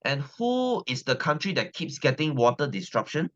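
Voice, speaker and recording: A man's voice: a little high, big pitch swings, moderate pace, fairly bright tone, highs cut off. A science teacher from Selangor with a Malaysian English accent, chatting casually with his class, repeating himself and checking in with "right?". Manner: chatty, repeats phrases, keeps asking "right?". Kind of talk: casual class talk with students.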